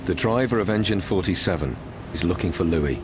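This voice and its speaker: A man narrating a documentary in a measured, solemn, scripted delivery. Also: low-pitched, expressive. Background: music.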